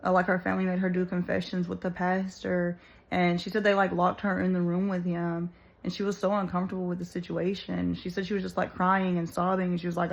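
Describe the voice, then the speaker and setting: Woman thinking out loud to her viewers, super creaky fry voice, kinda muffled audio. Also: on the low side. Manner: earnest and searching, many "like" and "you know" fillers. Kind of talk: casual spoken reflection to viewers.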